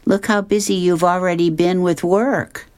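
A man voicing a calm teenage girl from a comic strip in a raised voice. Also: high-pitched, normal speed, clean tone, dry recording, pitched above the performer's own voice, natural voice.

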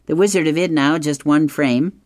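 A reader going through an advice column and the comics aloud, chuckling often in an unhurried way. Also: mid-range voice, darkish tone, no room sound.

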